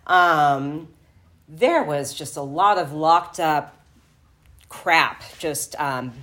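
A woman's voice: sits low, lively intonation, extremely slow, fairly bright tone. A woman telling her own recovery story, emotional and tearful, rambling with many fillers. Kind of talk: personal testimony at a recovery meeting.

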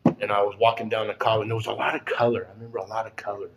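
A man's voice: on the low side, flat delivery, very fast, vocal fry, background noise. A middle-aged man telling a personal story in casual, rambling speech, full of fillers and repeated phrases.

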